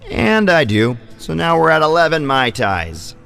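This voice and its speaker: A man's voice: a little high, big pitch swings, a little slow, vocal fry, fairly bright tone, soft background music. A man hosting a vlog, telling a long rambling story in casual, profane speech. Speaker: vlog host.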